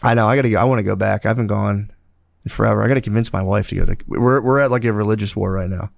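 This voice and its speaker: A man's voice: lowish voice, fairly even intonation, rapid-fire, gravelly, no echo, studio quality. A man co-hosting a podcast, telling rambling, profane family stories in casual chat. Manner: rambling, profane storytelling, quotes his dad. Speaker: podcast co-host.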